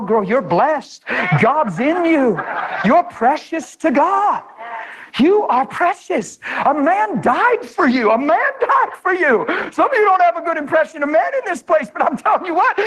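A man preaching an energetic sermon, swinging from shouted high peaks to quiet low asides, often laughing between lines. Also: low-quality recording.

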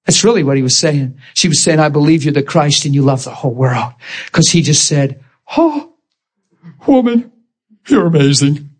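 A man's voice: on the high side, steady tone, brisk, husky. A man preaching a sermon, emotional and vivid, acting out scripture scenes and laughing often.

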